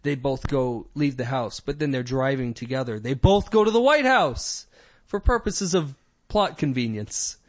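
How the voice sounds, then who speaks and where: A man in casual comedic chat, profane and laughing often as he mocks a movie's scenes with quick impressions. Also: medium pitch, animated.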